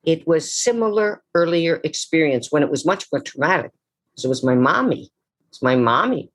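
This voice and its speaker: Dramatic older woman telling stories. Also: animated. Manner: dramatic, slows for emphasis, drops low on key words. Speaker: actress and memoir author, guest. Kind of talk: theatrical storytelling in a conversation.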